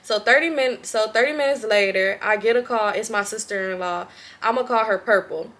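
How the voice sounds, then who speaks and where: A young woman with a Southern Californian accent, a vlogger reading a viewer's story aloud with lots of profanity and animated reactions. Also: mid-range voice, a little fast, background noise.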